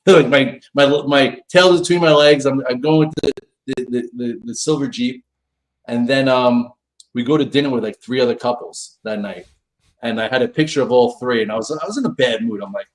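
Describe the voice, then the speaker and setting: A middle-aged man chats casually on a live stream, telling a funny story about himself. He acts out the other voices, his pitch swinging widely. His voice sits in a middle range. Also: a little fast. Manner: animated, acts out quoted dialogue with big pitch jumps. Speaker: pro trader on a live show.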